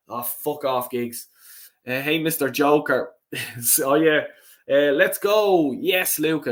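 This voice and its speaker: A man's voice: a little high, a bit bright. An Irish man hosting a casual live stream, reading out chat comments, swearing freely, with lots of ums and restarts. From Ireland.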